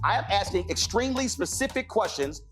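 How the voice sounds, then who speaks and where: A man's voice: sits high, animated, a little fast, fairly bright tone, faint music behind. A man hosting a debate, pressing his guest with pointed questions and insistently repeating the guest's name to cut in. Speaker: debate show host.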